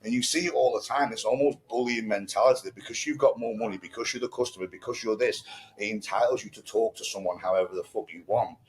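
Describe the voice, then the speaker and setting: A man with a slightly husky, fairly low voice co-hosts a podcast in casual conversation. He tells stories bluntly and swears freely. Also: quick pace. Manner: blunt, frequent swearing, storytelling. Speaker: podcast co-host.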